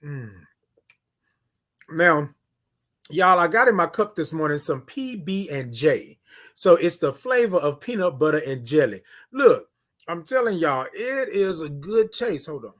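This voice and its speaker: Man, high voice, casual livestream host, drawn-out sung greetings, calls out to chat, phone camera. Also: big pitch swings, fairly bright tone. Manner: greets viewers by name, repeats phrases, calls out to chat.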